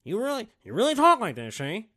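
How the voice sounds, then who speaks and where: A man's voice: sits high, huge pitch swings, brisk, sharp tone, pitched above the performer's own voice, exaggerated voice. A man voicing an old-time tough guy with a clipped, exaggerated old-fashioned drawl. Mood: mocking.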